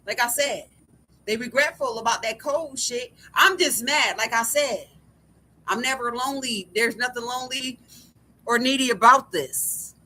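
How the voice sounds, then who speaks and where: A woman's voice: fairly high pitch, measured pace, sharp tone, slight background noise. A woman delivering an angry, profane monologue to camera, repeating herself again and again.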